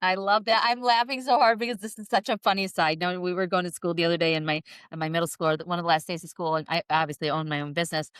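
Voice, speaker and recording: Effusive woman host in her forties, lowish voice, close dry mic. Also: little pitch movement, fast talker, few pauses, clear, resonant tone, dry recording. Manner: warm-hearted, effusive, laughs easily. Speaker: podcast host. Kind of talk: podcast interview.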